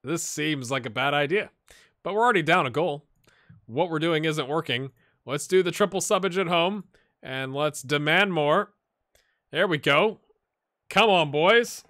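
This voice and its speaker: An American man giving casual, lively commentary on a football management game and reacting loudly to the match. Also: fairly high pitch, normal speed, no room sound, clean studio sound. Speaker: gaming YouTuber.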